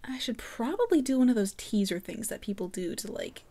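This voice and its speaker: A woman's voice: a little high, big pitch swings, fairly quick, dark tone, dry recording. A young woman reading her old story aloud with giggly, self-mocking commentary, close to the mic. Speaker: youtuber.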